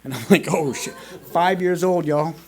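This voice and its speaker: A man's voice: on the high side, moderate pace, darkish tone. A man speaking at a recovery meeting, telling his own story in a candid, plain-spoken and earnest way, with some casual swearing. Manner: earnest and confessional. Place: meeting room at a school.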